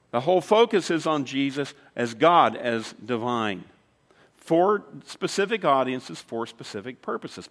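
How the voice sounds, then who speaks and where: A man's voice: on the high side, a bit bright. A man preaching a sermon as pastor, telling a story in a conversational way with dramatic emphasis. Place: church sanctuary. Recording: long reverb of a large hall.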